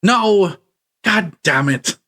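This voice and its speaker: A man voicing an excitable, swearing man who grumbles his way through everything. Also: sits high, very slow, pitched above the performer's own voice, full character voice. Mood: frantic. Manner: swears a lot, exasperated, excitable. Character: jittery foul-mouthed man, grumbling guide.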